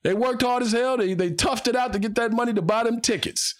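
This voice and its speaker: A man's voice: extremely high pitch, a little fast. A man hosting a solo sports podcast, speaking in a fired-up, emphatic way and repeating phrases for punch.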